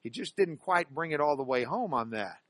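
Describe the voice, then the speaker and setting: A man teaching a class on biblical Greek grammar, animated and stressing key words by repeating them. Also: a little high, moderate pace, no room sound. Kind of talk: classroom lecture.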